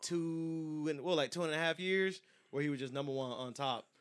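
A young man co-hosting a podcast and running its segments, with laid-back, quick interjections. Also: on the high side, clear, resonant tone. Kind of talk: casual chat.

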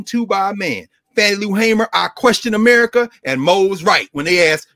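Male scholar, co-host, impassioned teaching cadence, slightly higher pitch, dry close sound. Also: no room sound. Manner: animated, rhythmic, emphatic repetition. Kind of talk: impassioned lecture-style talk.

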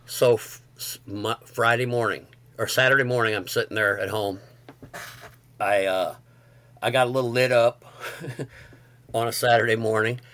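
A middle-aged man telling a story with excitement, acting out quotes as he goes. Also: medium pitch, moderate pace, pauses often, dry recording. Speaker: guest. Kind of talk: casual storytelling.

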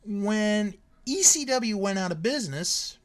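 A man's voice: high-pitched, unhurried. A man in his thirties hosting a casual podcast chat, telling stories with lots of fillers. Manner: lively storyteller with frequent fillers and laughs. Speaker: podcast host.

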